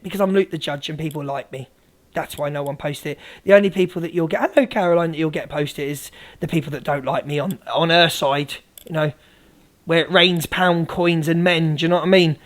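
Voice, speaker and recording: A woman's voice: deep voice, lively intonation, a little fast. A woman live streamer ranting, sweary, sarcastic and combative. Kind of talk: livestream rant.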